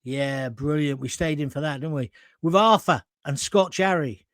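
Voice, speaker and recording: A man's voice: fairly high pitch, moderate pace, dry recording, studio quality. A middle-aged man hosting a live talk show, chatting through viewer comments and wandering into anecdotes.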